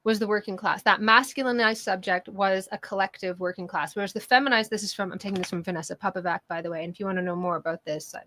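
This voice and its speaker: Bright-voiced woman, animated co-host. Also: mid-range voice, quick pace, hardly any pauses. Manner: animated, laughs often, swears. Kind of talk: casual political chat.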